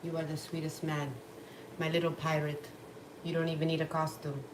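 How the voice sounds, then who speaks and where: A woman's voice: low voice, level tone, normal speed. A young woman livestreaming from home in casual chat, blunt and profane, cooing to her dogs between stories. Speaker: livestream vlogger. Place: home, in a room. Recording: echoey room, mic at a distance, noisy.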